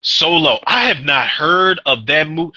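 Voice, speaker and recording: A man's voice: a little high, expressive, measured pace, bright, forceful tone, dry recording, lo-fi sound. A man co-hosting a podcast in casual, profane, ranting chat about movies, with a sore throat. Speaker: podcast co-host.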